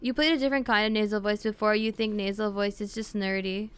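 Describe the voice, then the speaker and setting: A woman streamer chatting casually with her viewers, talking with vocal fry and lots of fillers. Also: mid-range voice, steady tone, fast. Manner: chatty, answers chat with fillers and laughs.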